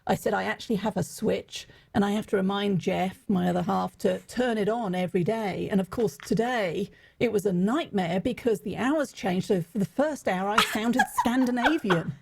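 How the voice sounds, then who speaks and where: A middle-aged woman with an English accent, a podcast guest telling quick, witty stories. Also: medium pitch, vocal fry, darkish tone, breathy edge. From England. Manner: witty, quick storytelling with laughs. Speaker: guest, executive coach. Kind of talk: casual interview chat.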